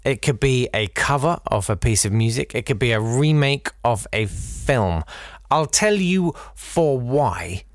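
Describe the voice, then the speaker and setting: A man hosting a casual solo podcast, wry and rambling, with big swings in pitch. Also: animated, a little slow, dry recording, studio quality. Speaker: podcast host.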